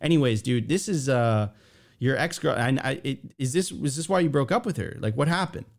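A man co-hosting a podcast, talking casually with halting restarts and many rhetorical questions. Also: medium pitch, lively intonation, vocal fry. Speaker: podcast co-host. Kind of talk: casual opinion chat.

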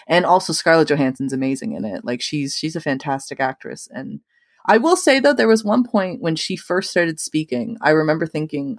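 A woman's voice: low voice, no room sound, clean studio sound. A woman hosting a podcast, chatting casually about a film with many "like" fillers. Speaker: podcast host. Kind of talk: casual chat.

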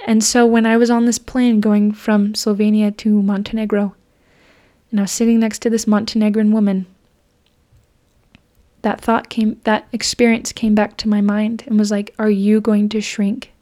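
A woman's voice: medium pitch, flat delivery, moderate pace, warm tone. A young woman hosting a podcast, telling a personal faith story in an earnest, chatty way with frequent fillers and restarts. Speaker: podcast host.

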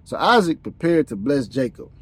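A man's voice: medium pitch, very animated, normal speed, husky. A man hosting a podcast, reading scripture aloud in a plain voice, tripping over words now and then and breaking off with casual slangy comments.

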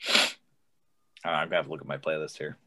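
A man's voice: a bass voice, level tone, normal speed, heavy background noise. A man, a guest vocalist, chatting casually on a podcast, swearing freely and acting out what people say. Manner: loose, swears freely, acts out quotes.

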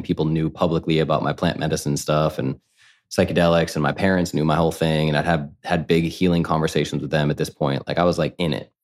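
A man with a very low voice, a guest on a podcast, tells a candid personal story in a casual, rambling way. He leans heavily on "like" and acts out the voices of people he quotes.

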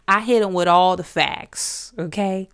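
A woman in her forties hosts a casual podcast and tells her stories with lively bursts of emphasis. Her voice sits a little low, and she sounds excitable and animated. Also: unhurried, smooth. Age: 40s. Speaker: podcast host. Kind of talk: casual storytelling.

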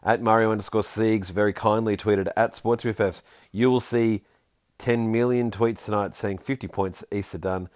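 A man hosting a podcast in a casual, jokey way, reading listener tweets aloud with quick asides. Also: on the low side, fairly even intonation, a little mellow, no echo, studio quality. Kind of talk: casual chat.

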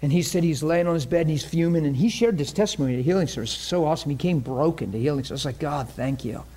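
A man teaching a class on faith healing in a lively, conversational way, often acting out what people say and pray. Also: fairly high pitch, racing, breathy edge. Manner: animated, acts out quoted prayers and voices. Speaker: ministry teacher.

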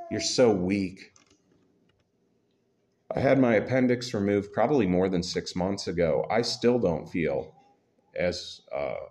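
A man preaching a sermon to his church congregation, talking in a relaxed, conversational way with self-deprecating humor. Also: fairly low pitch. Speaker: pastor.

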